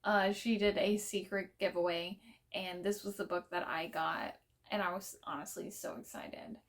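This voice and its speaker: A woman's voice: mid-range voice, steady tone, normal speed. A young woman chatting casually to camera about books she wants to read, playful and self-deprecating. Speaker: book vlogger. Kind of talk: casual to-camera book chat.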